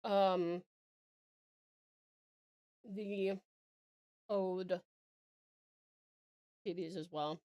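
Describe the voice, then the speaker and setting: A woman's voice: fairly low pitch, fairly even intonation, extremely slow, pauses often, lo-fi sound. A young woman from Australia chatting casually with her live-stream viewers while she works, giggling often. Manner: chatty, giggly, talks to chat while working.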